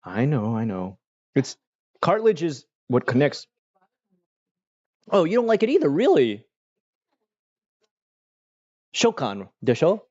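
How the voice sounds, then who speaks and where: Speaking slowly with frequent pauses, a man in a medium-pitched, slightly mellow voice stays very animated. He's hosting a livestream and answering chat casually, using slang and lots of fillers, on a dull lo-fi recording.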